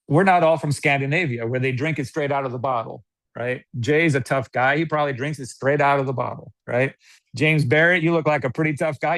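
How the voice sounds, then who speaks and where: An American man giving casual sales coaching, animated, laughing often and acting out customer dialogues. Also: on the high side, no echo. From United States. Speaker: network marketing guest.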